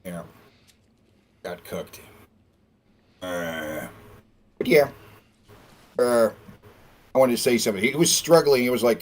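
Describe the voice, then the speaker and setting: A man talking as a guest on a casual podcast, ranting in an animated, profane way and slipping into mocking impressions. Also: medium pitch, slow pace, pauses often, a little hiss or hum. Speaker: guest streamer.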